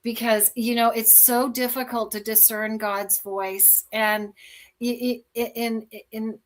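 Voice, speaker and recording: A woman author and life coach, a guest on a talk show, telling personal stories in a lively way and acting out the dialogue. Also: on the high side, takes it slowly. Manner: animated, acts out dialogue in anecdotes. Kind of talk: conversational storytelling.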